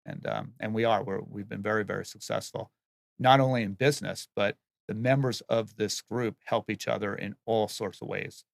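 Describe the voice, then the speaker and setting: A man's voice: lowish voice, steady tone, moderate pace, vocal fry, dry recording, studio quality. A man who builds and remodels homes, answering interview questions in a plain, earnest way and often restarting his words.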